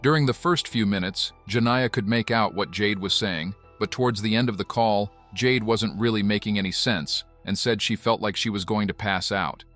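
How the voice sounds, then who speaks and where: A man giving scripted documentary narration in an even, measured way. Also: on the low side, soft background music.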